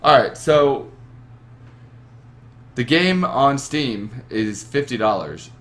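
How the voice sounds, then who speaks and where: A man's voice: mid-range voice, expressive, slow pace, fairly bright tone. A young man hosting a gaming podcast from a webcam setup, talking in a rambling, profane, emphatic way. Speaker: podcast host. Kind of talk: casual chat.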